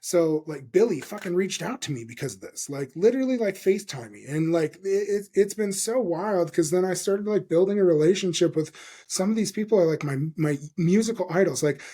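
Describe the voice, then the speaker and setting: A man in his forties hosts a podcast with an excited, rambling delivery full of fillers and swearing. His voice sits a little high for a man, with a mellow, soft-edged tone. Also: a little fast, breathy edge. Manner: enthusiastic, profane, rambling with many fillers. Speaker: podcast host. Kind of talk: casual interview chat.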